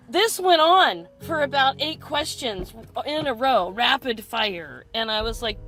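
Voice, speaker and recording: A woman caller ranting agitatedly about a bad appointment, talking fast when upset and complaining. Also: high-pitched, animated, a bit bright, faint music behind. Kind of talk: rambling personal rant.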